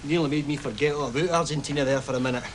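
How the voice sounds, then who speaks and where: An actor with a Glaswegian Scottish accent playing a weary working-class husband who gives plain, dry replies. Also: male voice, on the high side, steady tone, rapid-fire, slight background noise, natural voice. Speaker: football fan, husband. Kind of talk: stage play acting.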